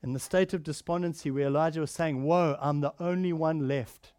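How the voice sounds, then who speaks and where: A man preaching a sermon, swinging between emphatic raised lines and soft, quiet passages. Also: a little high, steady tone, fairly quick, no echo, clean studio sound. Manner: earnest preaching, rising to emphatic then dropping soft and quiet.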